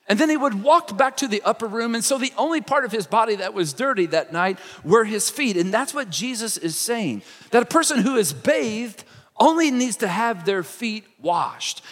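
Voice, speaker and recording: A man preaching a sermon to a congregation, acting out the lines he quotes with lively expression. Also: high voice, long reverb tail. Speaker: pastor.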